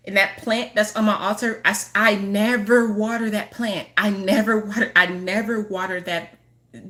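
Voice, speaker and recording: This is a woman with a bright, ringing voice at an ordinary middle pitch. She talks loosely to her audience as a spiritual healer. She wanders off track, restarts her sentences often, and keeps breaking into giggles. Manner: apologetic giggling asides. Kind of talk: casual chat to camera.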